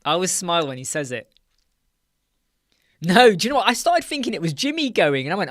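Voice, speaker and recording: A man's voice: high voice, very animated, a little fast, long pauses, a bit bright, dry recording. Casting note: male host, chatty and jokey, very dry close sound. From United Kingdom. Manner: chatty, jokey, reads viewer comments aloud and laughs often. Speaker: host of a live chat. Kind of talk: casual live-stream chat. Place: dark room with soundproof panels.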